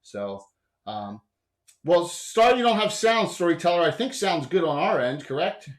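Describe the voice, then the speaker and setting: A man's voice: on the high side, very animated, normal speed. A man running a live tabletop game as game master, talking in a rambling way with many fillers and restarts.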